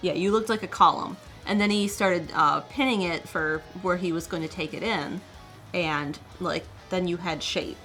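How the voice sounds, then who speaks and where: A woman with a low voice chats as co-host, filling in details and finishing her partner's sentences. Faint music plays in the background. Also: normal speed, fairly bright tone. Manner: chatty, adds details and finishes his sentences. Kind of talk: casual chat.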